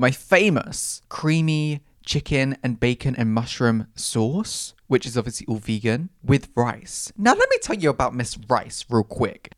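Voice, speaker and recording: A young man in his early twenties hosting a solo podcast, chatting casually and dramatically with camp slang and sudden high exclamations. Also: no room sound, studio quality. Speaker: podcast host. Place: rural home.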